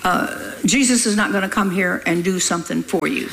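A woman's voice: fairly low pitch, normal speed, gravelly, a bit bright, slight background noise. An older woman preaching a sermon in a folksy, scolding way, often laughing as she talks. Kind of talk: sermon with read-aloud testimony.

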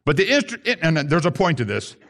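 A man's voice: on the high side, sing-song, brisk, fairly bright tone. A man preaching a sermon to his congregation, reading scripture and acting out the grumbling voices. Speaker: pastor.

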